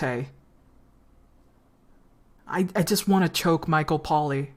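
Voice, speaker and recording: Low-voiced woman streaming, slow easy chat, swears a lot. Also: a little mellow. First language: Spanish. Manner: chatty, swears freely, drifts between topics.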